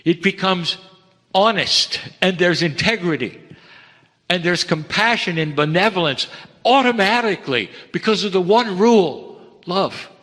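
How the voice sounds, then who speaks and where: A man delivering a channeled spiritual message in slow, heartfelt, broken phrases, rising to emphatic lines and dropping to hushed ones. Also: animated. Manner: swings between raised emphatic lines and hushed low ones. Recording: long reverb of a large hall.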